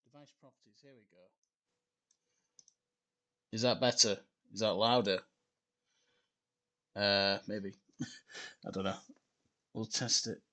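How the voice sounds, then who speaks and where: Slow-talking man muttering at his computer. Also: fairly low pitch, steady tone, sharp tone. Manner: mutters to himself while troubleshooting, chuckles. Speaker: game streamer. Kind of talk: casual live stream chat. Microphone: desktop computer microphone.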